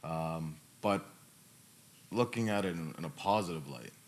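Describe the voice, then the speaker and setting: A male podcast host, choked up and emotional, answering questions in a reflective, halting way with many fillers. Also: low voice, lively intonation.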